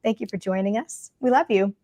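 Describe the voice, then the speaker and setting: A woman's voice: mid-range voice, a little fast, dry recording. A woman, co-hosting a casual podcast about curly hair, chatty and full of asides. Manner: chatty, warm-hearted, lots of fillers and asides.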